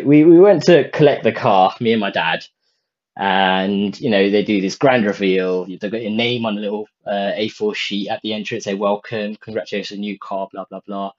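A man casually telling a personal story, animated and swearing when he gets worked up. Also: fairly low pitch. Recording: dull lo-fi sound.

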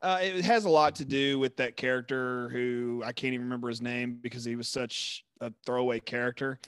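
A man co-hosting a podcast in casual chat, playful and excitable with jokey asides. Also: medium pitch, brisk, clear, resonant tone, no room sound, clean studio sound. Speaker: podcast co-host.

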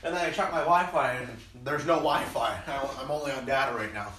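A man's voice: medium pitch, a little fast, fairly bright tone. Young man rambling in a roomy room. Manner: rambling, many fillers and restarts. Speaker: podcast host. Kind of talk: casual chat. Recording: roomy, distant mic with background noise.

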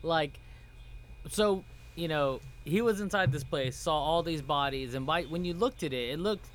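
A man's voice: on the high side, moderate pace, a little hiss or hum. A man chatting casually about a movie, easygoing and full of "like". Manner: laid-back, hedges with "like" often. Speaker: podcast co-host. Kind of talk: casual chat.

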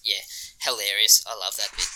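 A man's voice: fairly low pitch, fairly even intonation, a little fast, bright, forceful tone, rough recording. A man co-hosting a podcast, chatting enthusiastically about a TV episode, with frequent ums and laughter. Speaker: podcast co-host. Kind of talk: casual chat reviewing a TV episode.

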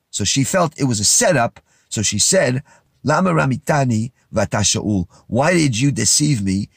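Give me a man explaining scripture verse by verse, lively and up-and-down in pitch, with a gravelly edge. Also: dry recording, studio quality. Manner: animated, paraphrases verses in casual speech. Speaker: Bible teacher. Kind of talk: verse-by-verse Bible lesson.

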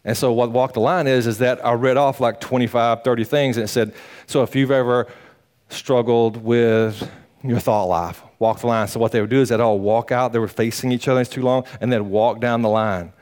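Pastor, male, folksy and animated sermon storyteller. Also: medium pitch, moderate pace. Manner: animated, folksy, acts out quotes.

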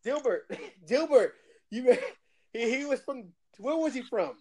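A man's voice: extremely high pitch, big pitch swings, normal speed, a crowd in the background. A man chatting casually, telling laid-back stories and laughing often. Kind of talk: casual chat.

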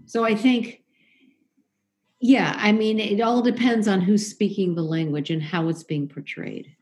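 A woman's voice: medium pitch, steady tone, measured pace, a little mellow. A woman talking casually as an interview guest, chatty and opinionated, often restarting and correcting herself. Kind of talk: casual conversation.

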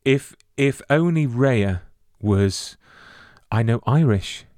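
A man's voice: mid-range voice, animated, slow, a little mellow, no room sound, studio quality. A man hosting an interview, asking questions while often stumbling and repeating words. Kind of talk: casual interview chat.

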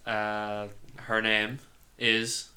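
A man hosting a podcast in casual chat, laddish, swearing freely and quick to laugh. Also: fairly low pitch, monotone, heavy background noise. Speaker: podcast host.

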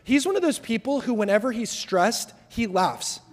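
Young male guest preacher, high voice, jokey storyteller, hall echo. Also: moderate pace. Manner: joking, self-deprecating, lively storytelling. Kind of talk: sermon. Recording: long hall reverb.

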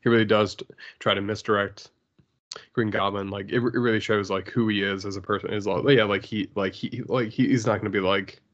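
A man co-hosting a podcast who talks haltingly about comics, full of fillers and restarts. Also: lowish voice, fairly even intonation, fairly bright tone. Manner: halting, many fillers and restarts, laughs often. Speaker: podcast co-host. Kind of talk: casual comic-book chat. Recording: dull lo-fi sound.

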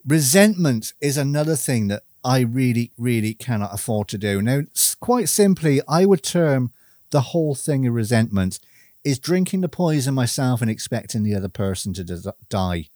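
A man speaking a personal, reflective monologue to camera, earnest and measured, stressing key words through repetition. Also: medium pitch, animated, dark tone, dry recording, studio quality.

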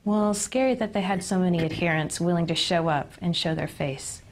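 A woman answering in an interview, describing events in a measured, serious way. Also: fairly low pitch.

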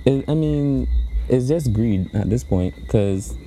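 An animated woman talking casually, her pitch bouncing up and down as she jokes. Her voice is dark and mellow. A faint hiss of background noise sits under her voice. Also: slow pace. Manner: animated, laughing, sing-song teasing rhymes. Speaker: podcast co-host. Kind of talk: casual chat.

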